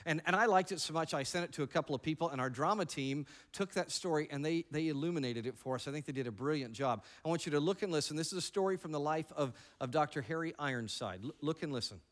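A pastor delivers an animated sermon in a fairly high voice. He mixes in playful jokes and repeats words for emphasis as he drives his points home. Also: fast talker, few pauses.

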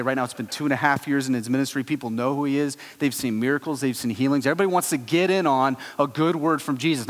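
A man preaching a sermon, telling the story with animated swings between loud exclaiming and hushed low tones. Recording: long hall reverb.

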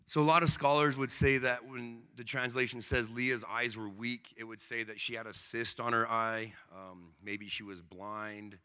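Male preacher, casual and animated, slangy asides; bright tone, long reverb. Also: medium pitch, moderate pace, few pauses, clear, resonant tone. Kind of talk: sermon.

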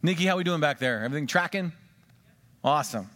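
A man preaching a sermon, swinging between emphatic rises and quiet drops, and drawing the congregation into questions and call-and-response. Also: on the high side, animated, fast talker. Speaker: pastor. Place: church sanctuary. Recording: long church reverb.

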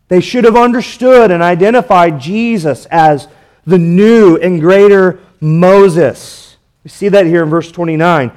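A man with a high-pitched voice preaching a verse-by-verse sermon. He leans on rhetorical questions and delivers his points with dramatic emphasis. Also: darkish tone. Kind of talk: expository sermon.

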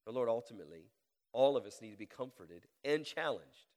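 Pastor with a head cold, echoing hall. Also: male voice, mid-range voice, lively intonation, darkish tone. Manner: deliberately slowed cadence, rising for emphasis in reading. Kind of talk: sermon with scripture reading and prayer. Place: church sanctuary.

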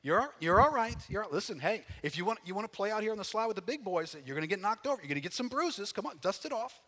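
Brief: man doing a tough-love dad at the playground, brisk and bright, echoing hall. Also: sits high, expressive, pitched above the performer's own voice. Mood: brisk, offhand. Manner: brisk, dismissive reassurance. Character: gruff no-nonsense dad at a playground.

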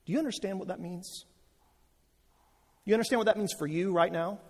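A man's voice: high voice, fairly quick, darkish tone, husky. A man preaching a sermon, building to impassioned repeated refrains. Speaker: pastor. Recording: long hall reverb.

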